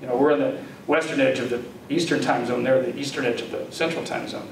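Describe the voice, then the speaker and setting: A man's voice: medium pitch, fairly even intonation, fast talker. An older man from the Chicago area giving a lecture, telling anecdotes in a conversational, self-deprecating way. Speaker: guest lecturer. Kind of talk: storytelling lecture. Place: lecture hall. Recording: echoey hall from far off, faint hiss.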